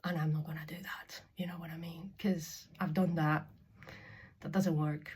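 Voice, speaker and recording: A young Spanish woman, a spiritual vlogger, talks candidly to camera in a casual monologue, with a lowish, breathy voice, fairly even intonation, and normal speed. She's frank and sweary, laughs often, and swings from loud to whispered.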